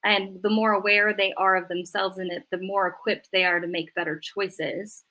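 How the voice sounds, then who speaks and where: A woman's voice: mid-range voice, level tone, moderate pace, bright, forceful tone. A middle-aged woman, a family therapist, chatting animatedly in an interview and acting out voices when she quotes people. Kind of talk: casual interview chat.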